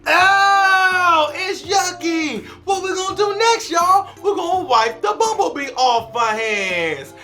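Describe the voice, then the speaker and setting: A man's voice: extremely high pitch, sing-song, measured pace, few pauses, sharp tone, soft background music. A man hosting a children's storytime, reading aloud in a playful, exclamatory way and calling out to the kids. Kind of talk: animated read-aloud for kids.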